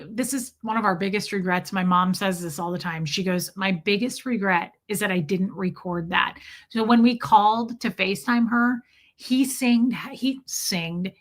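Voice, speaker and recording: A woman's voice: mid-range voice, fairly bright tone. A young woman hosting a livestream, casually telling a personal story and breaking off to answer chat comments. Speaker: livestream host.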